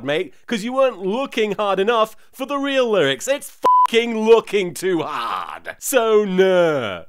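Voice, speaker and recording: A man hosting a comedic cartoon recap, sarcastic, sweary and quick-witted, on a close mic. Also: high-pitched. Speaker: host, reaction recapper.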